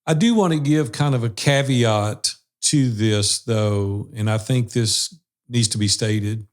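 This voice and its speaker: A man hosting a casual panel discussion over a video call, speaking in an earnest, storytelling way. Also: lowish voice. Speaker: podcast host.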